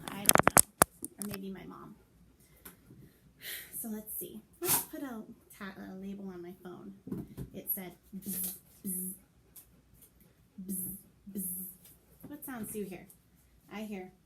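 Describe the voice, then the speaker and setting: A woman teaching young children to sound out letters from her home, talking slowly in a sing-song teacher's voice. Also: mid-range voice, heavy background noise. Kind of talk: remote phonics lesson for young children. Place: her home, with pets around.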